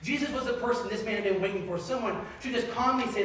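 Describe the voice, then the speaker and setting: A man in his thirties, a pastor, preaching a conversational, animated sermon. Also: high-pitched, fast talker, slight background noise. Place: church sanctuary. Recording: echoey sanctuary, distant mic.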